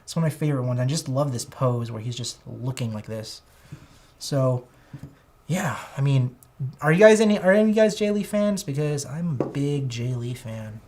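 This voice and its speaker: A man with a high-pitched, whiny voice, rambling enthusiastically as he chats casually on a toy unboxing livestream. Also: expressive, moderate pace, a little mellow. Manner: rambling, enthusiastic, self-correcting. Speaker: toy collector streamer.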